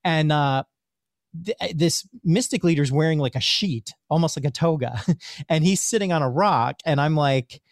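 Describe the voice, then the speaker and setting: Excitable storytelling man, dry sound. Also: on the high side, moderate pace, no echo. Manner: animated storyteller, often repeats words while searching for them. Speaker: physician guest. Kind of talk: casual podcast conversation.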